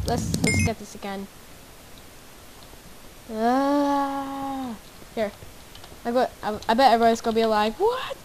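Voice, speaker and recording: A woman giving casual gameplay commentary, excitably guessing aloud and exclaiming at the game. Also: on the high side, very noisy. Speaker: gamer. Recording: background game music. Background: game music.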